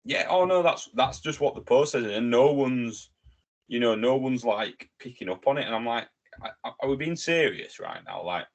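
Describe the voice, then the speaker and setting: A man, talking casually on a sports podcast. He gets worked up easily and swears freely, with a mid-range voice at an everyday pitch. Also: moderate pace. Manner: excitable, swears a lot when riled. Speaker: podcast co-host. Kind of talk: casual chat.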